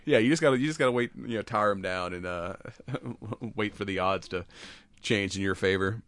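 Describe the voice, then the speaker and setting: A man co-hosting a podcast, retelling a movie scene by scene in casual chat, animated and laughing often. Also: on the low side, normal speed, no echo. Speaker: podcast co-host.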